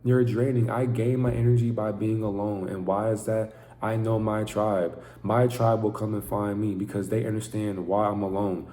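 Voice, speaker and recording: Intense ranting man, dark voice. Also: lowish voice, little pitch movement, moderate pace, few pauses, roomy sound, a little hiss or hum. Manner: intense, profane, preaching rant. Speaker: vlogger. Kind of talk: unscripted monologue to camera.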